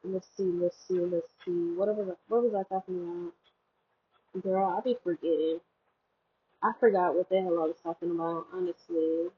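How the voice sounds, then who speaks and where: A woman's voice: fairly even intonation, moderate pace, slight background noise. A young woman vlogging in a rambling, jokey way, full of fillers and self-mocking asides, recorded on a headphone mic. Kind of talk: casual chat. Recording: tinny low-quality headphone mic.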